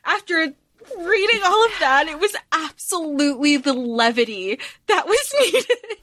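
A woman's voice: sits high, a little slow, dry recording. A woman co-hosting a podcast, talking casually about a book and acting out lines from it with laughs. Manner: animated, acts out characters' lines with laughter. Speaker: podcast co-host.

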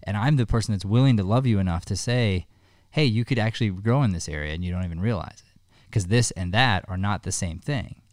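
A man with a very deep voice speaks in earnest. He tells a story and offers advice, often restarting his sentences. The sound is close and dry. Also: brisk, a little mellow, no echo. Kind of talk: heartfelt one-on-one conversation.

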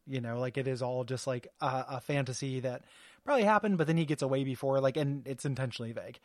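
A man's voice: mid-range voice, quick pace, dry recording, studio quality. A man co-hosting a podcast in casual chat, hesitant and full of fillers, laughing easily. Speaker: podcast co-host.

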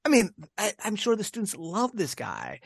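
A man's voice: sits high, huge pitch swings, moderate pace, gravelly, husky, dry recording, studio quality. An American man co-hosting a casual podcast chat, rambling with many restarts and laughs. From United States. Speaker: podcast co-host.

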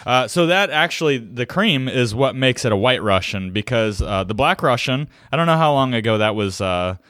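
A man's voice: mid-range voice, expressive, moderate pace, fairly bright tone, no echo, clean studio sound. A man co-hosting a podcast, chatting casually and joking with frequent laughs. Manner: jokey, laughs easily. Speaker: podcast co-host. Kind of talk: casual chat.

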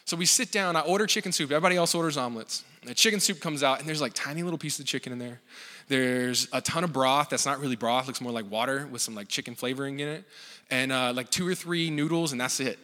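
Man, pastor, casual joking sermon, bright tone, long hall reverb. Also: mid-range voice, quick pace. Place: church.

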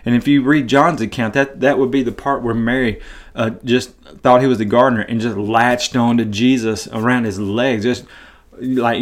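A man teaches from the Bible in a relaxed, conversational way. His voice sits at an ordinary middle pitch. He stumbles over and repeats words as he thinks aloud, and he brings the scenes to life as he retells them. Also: moderate pace. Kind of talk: casual Bible teaching podcast.

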